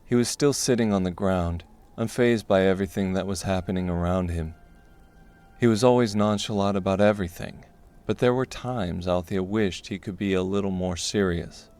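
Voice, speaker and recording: A man narrating a dark fantasy audiobook in a steady, measured way. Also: deep voice, clear, resonant tone, soft background music.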